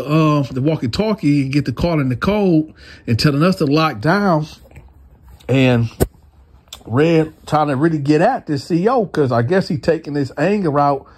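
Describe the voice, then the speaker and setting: A man hosting a casual storytime, retelling in an animated, slangy way. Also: fairly high pitch, husky. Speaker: storyteller, channel host.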